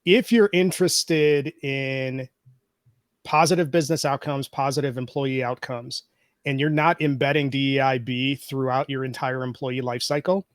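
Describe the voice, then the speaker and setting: A man in the guest seat lays out his points in a measured, explanatory way, building his case step by step from data. His voice sits in a middle pitch. The sound is dry and close, with no room around it. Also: fairly even intonation, dry recording. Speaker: guest, podcaster. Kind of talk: interview answers.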